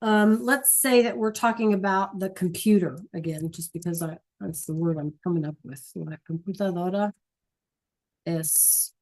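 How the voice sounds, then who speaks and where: Speaking in a lowish voice with a darkish tone, a Spanish teacher runs a classroom lesson. She patiently explains the material, checks in with her students often, and repeats the main points at a slow pace.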